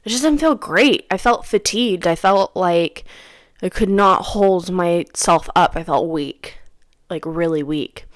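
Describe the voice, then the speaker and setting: A young woman hosts a podcast and tells a personal story in a casual, rambling style, often repeating her own phrases. Her voice is on the low side and unhurried, with clean studio sound and no echo.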